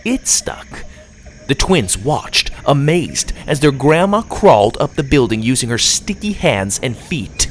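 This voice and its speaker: A man's voice: unhurried, few pauses, a little hiss or hum. A man narrating a children's adventure story aloud, reading expressively. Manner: expressive read-aloud with lively pitch.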